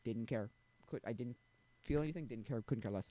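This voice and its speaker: A young man chats on his live stream, wandering from point to point and often losing his thread. His voice sits at an ordinary middle pitch. The sound is dry and close, with no room echo. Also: a little fast, mellow. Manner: rambling, loses his train of thought. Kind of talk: casual chat.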